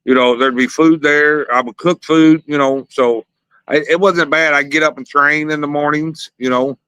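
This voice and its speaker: A man tells loose, profane stories in a casual interview. His voice is bright and forceful, sits at an ordinary middle pitch, and is recorded close and dry. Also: steady tone, normal speed, smooth, no room sound, rough recording. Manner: profane, rambling, laughs at his own stories. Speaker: wrestler, interview guest.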